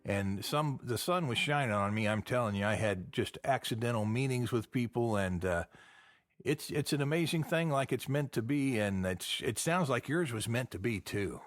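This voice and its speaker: A man's voice: mid-range voice, lively intonation, moderate pace, no echo, studio quality. A man hosting a genealogy show, talking in a folksy, chatty way with a lot of fillers. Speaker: podcast host. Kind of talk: casual chat.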